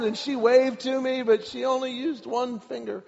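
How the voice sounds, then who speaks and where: A man preaching a sermon, telling a personal story in an animated way, repeating words and shouting at the climaxes. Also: very high voice, normal speed, creaky, hardly any pauses, background noise. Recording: dull recording with long hall reverb.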